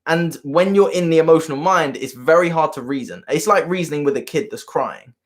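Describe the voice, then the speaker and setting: A man's voice: fairly high pitch, fairly quick. A man coaching viewers on a live stream, earnest and rambling, often repeating himself. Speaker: self-help coach.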